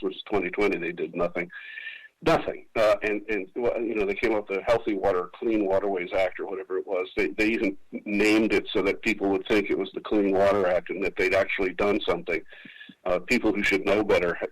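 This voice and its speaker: Low male interview guest on radio, rambling, lots of fillers. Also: rough recording. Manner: rambling, many restarts and fillers. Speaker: political candidate. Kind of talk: casual interview answer. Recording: radio broadcast.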